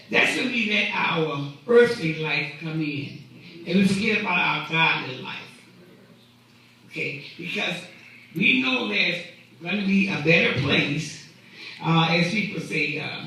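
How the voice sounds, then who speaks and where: A man's voice: a little high, expressive, moderate pace, sharp tone, very echoey, far from the mic, poor audio. A man preaching a sermon in a conversational way, often repeating and restarting his words, recorded in a church. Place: church sanctuary.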